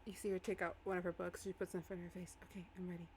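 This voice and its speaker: A woman's voice: on the low side, little pitch movement, very fast, darkish tone, slight background noise. A woman acting as game master in a live-streamed tabletop game, narrating casually and laughing often.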